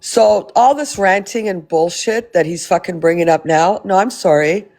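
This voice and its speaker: A woman's voice: on the low side, moderate pace, a little mellow. A Canadian woman hosting a livestream, blunt and foul-mouthed as she scolds and comments. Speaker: livestream host.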